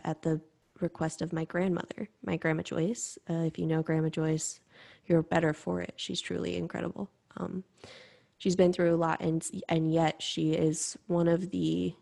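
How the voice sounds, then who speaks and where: A young woman hosting a podcast, talking candidly and reflectively in a halting personal monologue. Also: fairly low pitch, creaky, a little mellow. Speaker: podcast host.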